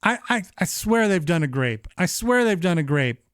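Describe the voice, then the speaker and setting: A man in his thirties hosting a live-streamed show, chatting casually in an animated, profane, rambling way. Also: high voice, moderate pace, clean tone, no echo, studio quality. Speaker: livestream show host.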